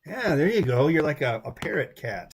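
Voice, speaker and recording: A man's voice: fairly high pitch, sing-song, normal speed, a little hiss or hum. Chatty, rambling man livestreaming. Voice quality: rambling, restarts, chuckles often. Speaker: livestream host. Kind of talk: casual chat.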